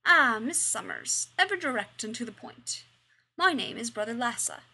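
A woman's voice: a little high, lively intonation, moderate pace, creaky, bright, forceful tone, slightly rough, heavily acted. A woman reading the lines of a smug, condescending male alien villain disguised as a human librarian, in a mannered way.

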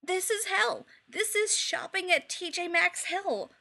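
A woman's voice: very high voice, measured pace, vocal fry, pushed and bright, voice pushed up, full character voice. A woman voicing a dramatic, flamboyant teenage boy who bursts out in theatrical exasperation. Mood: exasperated.

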